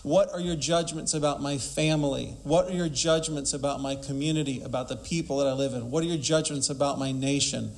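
A man's voice: mid-range voice, steady tone, fairly quick, vocal fry, hardly any pauses. A man preaching a sermon emphatically, asking rhetorical questions and quoting scripture.

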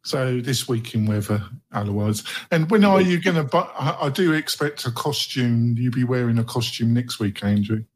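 A man hosting a roundtable podcast, joking and laughing with many halting fillers. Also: mid-range voice, animated, slightly rough. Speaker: podcast host. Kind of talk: casual roundtable chat.

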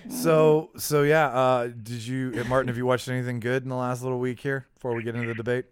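A man's voice: mid-range voice, flat delivery, fast, a little hiss or hum. A man hosting a casual movie podcast, rambling and correcting himself as he talks. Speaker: podcast host. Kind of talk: casual chat.

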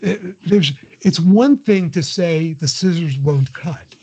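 Older man, husky voice, digressive. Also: on the high side, slow pace, warm tone. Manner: digressive, many restarts, chuckling. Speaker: guest. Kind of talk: casual interview chat. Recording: dull lo-fi audio.

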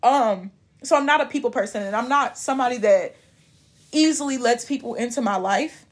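Young woman from indiana, twenties, talks real open and frank, kinda high-pitched. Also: fairly quick. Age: 20s. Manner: frank, conversational, emotionally open. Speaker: young churchgoer sharing her story. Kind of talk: candid personal talk.

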